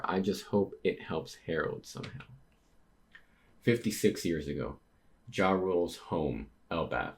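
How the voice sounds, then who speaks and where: A man's voice: deep voice, animated, a little slow. A young man reading a manga chapter aloud in a plain voice and stopping to react and comment. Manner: reads dialogue plainly, breaks off to react with surprise.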